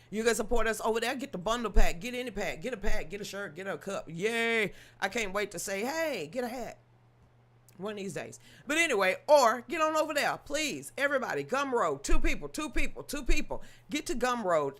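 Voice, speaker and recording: A woman's voice: medium pitch, a bit bright. A woman hosting a livestream, chatting casually and joking with her viewers, with laughing asides. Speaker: livestream host.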